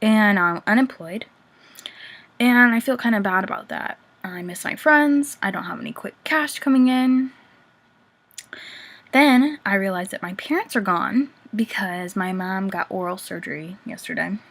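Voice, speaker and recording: A young female vlogger talks casually to the camera in a mid-range, fairly bright voice with vocal fry, taking her time. She confesses her feelings in a chatty way, full of "like" fillers, and sometimes drops to a whisper.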